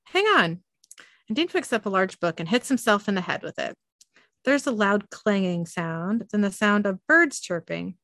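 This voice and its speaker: A woman reads out a television episode's scenes one after another and drops in filler ums and uhs as she goes. Her voice sits at a middle pitch. The sound is dry and close. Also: expressive, moderate pace, a bit bright, no room sound. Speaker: podcast host narrating a TV episode. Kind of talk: reading a scene-by-scene recap with chat.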